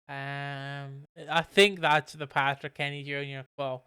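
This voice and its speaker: A man's voice: mid-range voice, level tone, slow, sharp tone, smooth, no room sound, clean studio sound. Rambling man on a podcast. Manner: rambling, full of ums and swearing. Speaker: podcast co-host. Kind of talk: casual chat.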